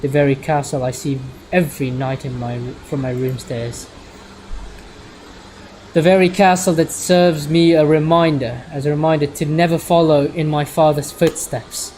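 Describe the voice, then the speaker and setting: A man's voice: fairly high pitch, darkish tone, slight background noise, rough recording. Man reading a visual novel aloud. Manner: stumbles over words and corrects himself. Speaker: streamer.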